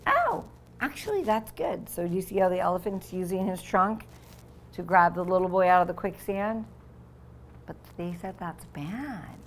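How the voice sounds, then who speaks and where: Reading aloud to young children in a mid-range voice, a woman teacher works through a picture book, explaining words as she goes and voicing the sound effects with vivid expression.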